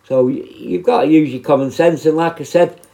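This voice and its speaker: Man, mellow dark voice, blunt and sweary, rambling casual storytelling. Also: a little high, brisk, creaky, low-quality recording. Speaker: podcast host, former prison officer.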